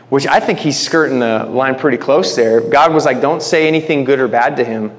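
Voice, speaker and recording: A man's voice: on the high side, fairly quick, few pauses. A man teaching a conversational Bible-study sermon, speaking informally, restarting phrases and calling his listeners guys. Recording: long hall reverb.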